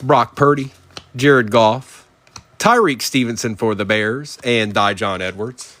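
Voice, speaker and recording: A man running a live card break at a middling pitch for his sex. He rattles off player names in quick runs and chats casually with the people watching, speaking in an even, conversational way.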